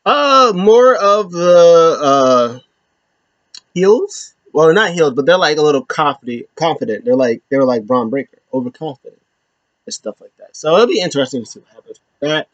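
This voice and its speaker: A man's voice: on the high side, expressive, normal speed, no echo. A man hosting a casual wrestling recap, talking loosely and rambling with lots of fillers. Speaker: show host. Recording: slightly dull lo-fi, dry.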